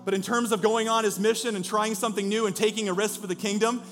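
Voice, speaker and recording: A man's voice: high voice, steady tone, fast, a bit bright, soft background music. A man preaching a sermon as pastor, with an emphatic, repetitive preaching cadence. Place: church in a former car dealership.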